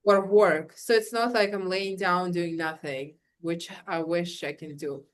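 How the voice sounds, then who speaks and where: A woman's voice: lowish voice, fairly even intonation, measured pace. A woman, a working mother, in a casual podcast chat, talking fluently and leaning on repeated words for emphasis.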